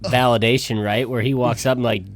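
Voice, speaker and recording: A man's voice: mid-range voice, level tone, fairly quick, gravelly, no room sound. A man in a casual podcast chat, retelling things loosely and with a lot of swearing.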